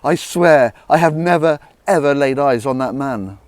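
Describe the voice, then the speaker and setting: A man's voice: medium pitch, moderate pace, dry recording, close to an everyday voice. A man playing nervous Peter, denying insistently. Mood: defensive. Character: frightened male disciple Peter, nervous denier.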